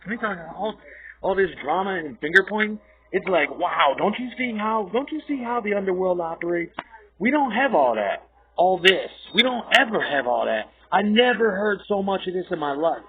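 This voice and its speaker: A man rants in a rambling, profane and combative way, his voice sitting a little high. The sound is thin and tinny, like audio sent over a phone line. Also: very animated, moderate pace, breathy edge. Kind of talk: ranting monologue.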